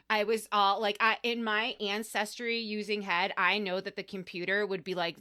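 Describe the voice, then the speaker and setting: A woman's voice: medium pitch, moderate pace, few pauses, pushed and bright. A woman co-hosting a casual podcast, chatty and playful with joking asides. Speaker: podcast co-host.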